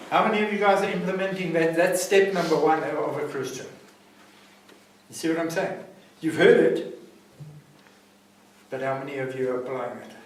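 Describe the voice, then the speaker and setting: With a slightly high voice, moderate pace and long pauses, this South African man preaches emphatically to a recovery centre class. He keeps checking they're with him by asking "see what I'm saying?" Recorded from a distant mic in a very echoey room.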